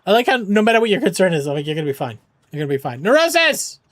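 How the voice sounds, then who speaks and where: A man with a fairly high voice chats with his stream chat, rambling and joking while reassuring viewers. The sound is dry and close, with no room around it. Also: expressive, racing, no echo. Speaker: charity game streamer.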